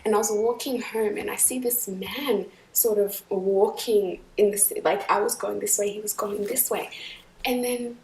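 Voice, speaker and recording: A woman recounting personal experiences in an earnest, animated way. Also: mid-range voice, moderate pace. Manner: earnest, animated, acts out other voices. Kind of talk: personal storytelling. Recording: echoey room, distant from the mic, faint noise.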